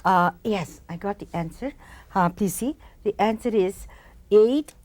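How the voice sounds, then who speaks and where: Brisk, confident woman calling out numbers. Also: mid-range voice, a little mellow. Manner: brisk, confident, playfully challenging. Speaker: guest doing mental arithmetic. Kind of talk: live studio demonstration.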